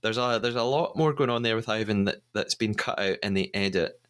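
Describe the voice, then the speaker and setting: A man's voice: lowish voice, brisk, a bit bright, smooth. A man hosting a podcast, casually retelling scenes with the odd stammered restart. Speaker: podcast host. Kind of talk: casual recap chat.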